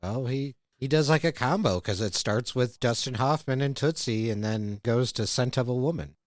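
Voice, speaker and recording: A man's voice: medium pitch, normal speed, no room sound. Man casually recapping an episode. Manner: retells scenes, acting out quoted lines. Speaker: podcast host. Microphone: studio mic.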